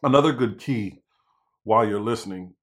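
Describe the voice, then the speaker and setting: A man's voice: on the low side, moderate pace. A man giving a casual spoken lesson on negotiating with sellers, often adding "you know" and "right?". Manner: conversational, many "you know" and "right?" fillers. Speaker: real estate negotiation coach. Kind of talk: casual instructional talk.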